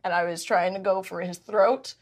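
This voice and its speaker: A woman telling a personal story in casual conversation, emotional and animated, often stumbling and restarting her sentences. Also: mid-range voice, normal speed.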